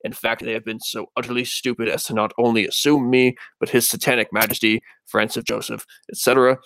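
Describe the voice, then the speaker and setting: A man's voice: flat delivery, a little fast, gravelly, fairly bright tone, no echo, poor audio. A young man putting on a spooky voice to play a boastful male demon spirit reading out his threats. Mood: spooky, menacing. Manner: low spooky storytelling voice, theatrical. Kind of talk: dramatic reading of a letter.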